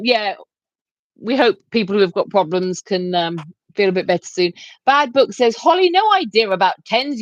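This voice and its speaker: A woman's voice: medium pitch, no echo, muffled recording. A woman co-hosting a livestream, reading viewer comments aloud and laughing often in casual banter. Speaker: livestream co-host reading chat.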